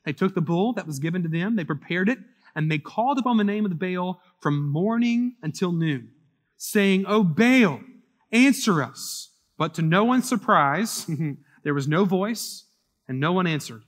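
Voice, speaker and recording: A male pastor preaching a sermon, reading scripture aloud and explaining it, swinging between loud dramatic lines and hushed asides. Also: sits high, expressive, moderate pace, in a large hall.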